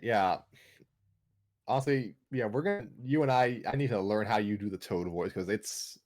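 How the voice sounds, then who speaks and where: A man's voice: on the low side, moderate pace, darkish tone. A man hosting a casual chat about a story reading, rambling and laughing often. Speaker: host of a story reading show.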